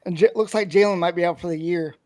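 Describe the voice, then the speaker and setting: A man with a notably high voice talking sports on a podcast. He jokes wryly and in a casual, easy way. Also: quick pace, a little mellow. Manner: wry, joking. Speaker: podcast guest.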